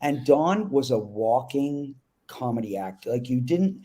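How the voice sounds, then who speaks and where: A male actor being interviewed, telling lively backstage anecdotes in a casual way and acting out other people's lines as he goes. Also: medium pitch, a little slow, slightly rough. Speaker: guest actor.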